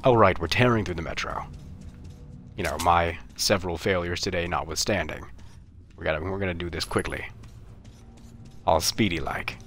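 A man's voice: deep voice, moderate pace, pauses often, fairly bright tone, faint music behind. A man giving casual, rambling gameplay commentary, sarcastic and swearing often. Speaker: let's play host. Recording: game gunfire and vehicle noise behind.

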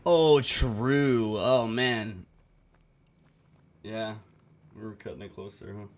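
A man's voice: on the low side, slow. Laughing, swearing young male streamer. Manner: laughing, swearing, joking with teammates. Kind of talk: casual gaming commentary.

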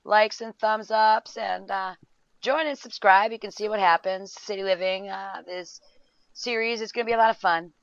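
A woman casually commenting on a life-sim game, excitable, laughing and shouting at the screen. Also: mid-range voice, normal speed, clean tone, no room sound, highs cut off. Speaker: gameplay video host.

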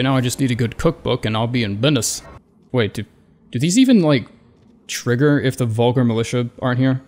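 A young man giving casual, profane commentary over a game, talking back at enemies with sarcasm and stammered restarts. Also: medium pitch. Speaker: gaming YouTuber.

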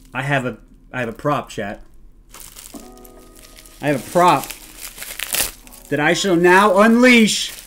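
A man streaming a live reaction to a video, playful and prone to bursts of loud hype yelling. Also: a little high.

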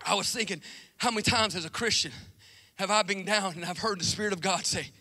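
A middle-aged man preaching a lively sermon, telling stories animatedly and acting out scenes. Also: high voice, brisk. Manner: animated storytelling, acts out movie scenes. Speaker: pastor. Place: church sanctuary. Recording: long reverb of a large church hall.

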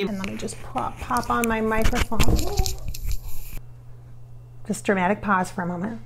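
Woman, slightly high voice, rambling, sassy, laughs a lot, casual vlog. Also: steady tone, normal speed, creaky, pauses often, a crowd in the background. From Minnesota, US. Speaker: psychic vlogger. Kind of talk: casual blooper vlog talk. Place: home, car and outdoors.

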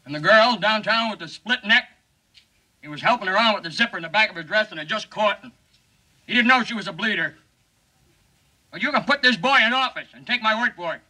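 A man in a 1950s film comedy putting on a shifty male campaign pitchman with glib, folksy patter. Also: lively intonation, fairly quick, pauses often, pushed and bright, heavily acted, low-quality recording. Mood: pleading. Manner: glib, folksy, over-earnest sales patter.

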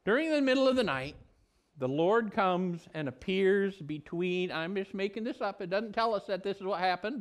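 A male pastor teaching a Bible lesson in a vlog, telling the story in an animated, conversational way. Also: sits high, clean tone.

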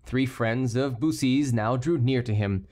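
A man reads a historical novel aloud in a steady, scripted audiobook style. His voice sits in a mid range. He gives the courtiers higher voices of their own. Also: a little slow. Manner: reads every character himself, lifting his pitch for the courtiers. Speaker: audiobook narrator. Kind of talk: scripted narration.

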